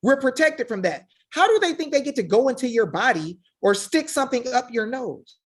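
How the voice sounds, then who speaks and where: A woman's voice: high voice, sing-song, brisk, husky. A woman giving an impassioned monologue to her viewers, preachy and fiery, firing off rhetorical questions and calling them y'all. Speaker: online legal rights commentator.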